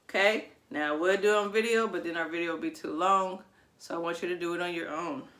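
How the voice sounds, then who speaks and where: A woman teaching preschool children over video, coaxing them to repeat words and praising them in an animated, drawn-out sing-song way. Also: mid-range voice.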